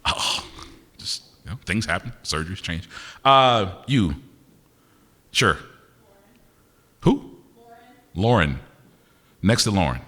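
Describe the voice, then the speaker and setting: A man's voice: on the low side, very animated, pushed and bright. A man, a poet performing live, bantering playfully with his audience between pieces, teasing them and asking their names. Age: older adult. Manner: teasing, quick-witted, asks audience names. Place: university concert venue with audience. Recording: live hall recording with long reverb.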